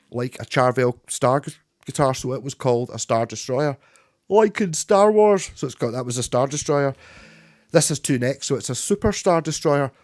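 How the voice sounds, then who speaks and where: Playing guitar in a home room, a livestream host talks casually with his audience, often breaking off and restarting his sentences. His voice is medium-pitched, and the audio is clean studio quality with no echo.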